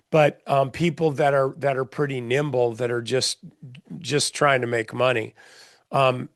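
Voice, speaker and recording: Man, middle-aged, trading mentor, blunt folksy talk, chatty, middle pitch, dry recording. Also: dry recording. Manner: blunt, folksy, chatty with many fillers and restarts. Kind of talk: casual market commentary session.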